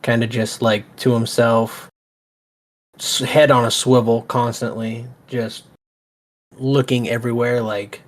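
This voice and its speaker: A man playing a tabletop role-playing game, describing and voicing his character in a laid-back, drawling way. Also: lowish voice. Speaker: player. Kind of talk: casual in-character play.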